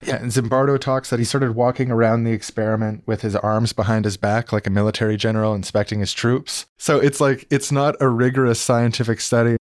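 A man's voice: mid-range voice, flat delivery, a little fast, few pauses, no room sound, studio quality. A man co-hosting a podcast in casual, amused chat, full of "like" fillers. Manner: chatty, amused, many "like" fillers. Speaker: podcast co-host.

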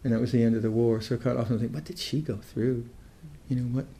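An older man teaches meditation in a mellow, relaxed, gravelly mid-range voice, thinking aloud as he speaks. He restarts phrases again and again before landing on his point, thoughtful and halting in the unhurried style of a dharma talk.

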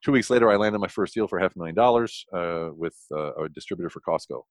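A middle-aged American consultant, a guest on a podcast interview, tells animated stories fast and enthusiastically. He restarts sentences often and leaps up in pitch for emphasis, and the audio has no echo.

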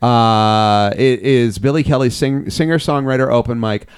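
A man's voice: medium pitch, fairly even intonation, normal speed, clear, resonant tone, dry recording, studio quality. A young man hosting a casual podcast, rambling loosely, swearing a lot and laughing often. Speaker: podcast host, comedian. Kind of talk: casual profane podcast chat.

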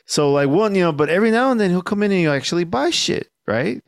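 A young man on a podcast telling a story in casual chat, laid-back and swearing a lot, acting out the shouted lines he quotes. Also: high-pitched, lively intonation, fast talker, no room sound, clean studio sound. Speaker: podcast co-host.

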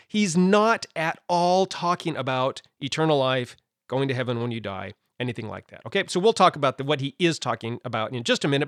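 Guy talking scripture on his podcast, kinda high voice, dry close mic, lots of ums and side comments. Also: fairly bright tone, dry recording. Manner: conversational, many fillers and asides, laughs at own points. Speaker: podcast host. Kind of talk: casual teaching podcast.

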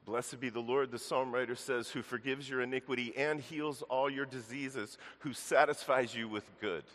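A man's voice: medium pitch, steady tone, moderate pace, a bit bright, big-room sound. A man pastor preaching a sermon in earnest, addressing the congregation directly as church. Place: church sanctuary.

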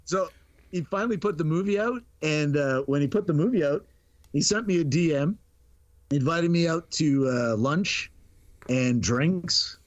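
A man's voice: on the high side, unhurried. Chatty man telling a story, dull audio. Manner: chatty, laughs often, stumbles and repeats words. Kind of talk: casual anecdote.

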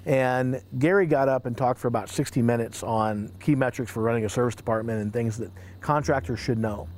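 A man's voice: mid-range voice, fairly quick, darkish tone, slight background noise. A man hosting a casual panel talk, chatty and enthusiastic. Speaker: host.

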